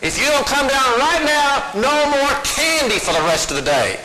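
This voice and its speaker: A man voicing an exasperated young mother who shouts rising threats at her little girl, heard in an echoey hall. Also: high-pitched, expressive, slow, slight background noise, heavily acted. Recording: echoey hall, some distance from mic.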